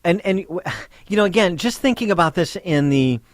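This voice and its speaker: A man hosting a talk radio show, arguing a point with halting restarts that build into pointed questions. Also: high voice, lively intonation, no room sound. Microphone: studio microphone.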